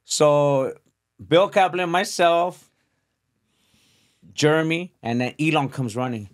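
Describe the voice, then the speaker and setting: A man's voice: a little high, slow. A man who is a guest on a podcast, telling rambling anecdotes in casual chat.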